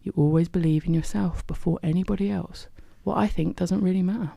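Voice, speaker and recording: A woman's voice: lowish voice, steady tone, fairly quick, creaky, mellow, dry recording. A woman voicing an encouraging male friend who hiccups and teases. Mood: reassuring. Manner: coaxing, cheerful, teasing.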